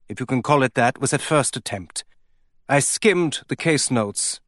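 A man's voice: medium pitch, fairly bright tone, dry recording, studio quality, natural voice. A man reading an audiobook, voicing a scornful man who lectures with contempt. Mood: lecturing. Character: scornful man, harsh institute head.

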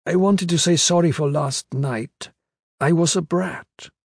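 Proud touchy young wife, a guy reading her higher, audiobook, dry close sound. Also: unhurried, gravelly, darkish tone, breathy edge, dry recording, full character voice. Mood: apologetic. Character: young woman, newly married, proud and defensive.

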